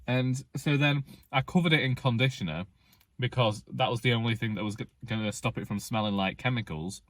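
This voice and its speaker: A man's voice: medium pitch, fairly quick, no echo. A man, rambling wryly and self-deprecatingly in a casual vlog, talking outdoors in the rain under a hood. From England. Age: 20s. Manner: chatty, self-deprecating, wry. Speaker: vlogger.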